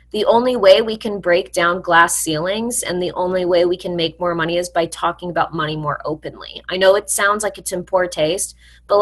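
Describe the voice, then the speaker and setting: A woman's voice: lowish voice, fairly bright tone. Frank, chatty woman giving money advice. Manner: frank and chatty, addresses viewers as friends; frequent "like" fillers, blunt mild profanity. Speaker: personal finance host. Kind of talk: casual advice talk to camera.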